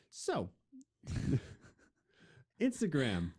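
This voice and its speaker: A man's voice: medium pitch, wildly swooping pitch, slow pace, dark tone. A young adult man co-hosting a podcast in casual, rambling chat, with a jokey, self-mocking way of talking. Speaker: podcast co-host.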